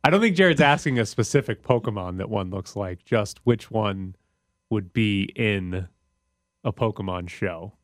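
A man's voice: on the low side, animated, moderate pace, no room sound. Young male sports radio host, teasing and argumentative, dry close studio sound. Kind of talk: casual sports radio banter. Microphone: studio mic.

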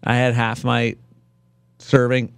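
A man's voice: mid-range voice, monotone, slow, gravelly, clean tone, no room sound. A man hosting a podcast, chatting casually in a jokey, rambling way with lots of fillers. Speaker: podcast host and interviewer. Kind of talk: casual chat.

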